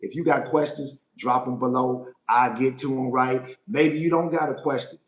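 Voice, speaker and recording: A man's voice: mid-range voice, fairly even intonation, normal speed, echoey room. A man, giving a live motivational Q&A talk as a life coach, emphatic and often asking "right?". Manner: emphatic, repeats phrases and asks "right?" often.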